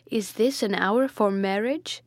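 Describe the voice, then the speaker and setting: A woman reading aloud and voicing a stern elderly friar who speaks in a solemn, slow, weighty way. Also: mid-range voice, no room sound.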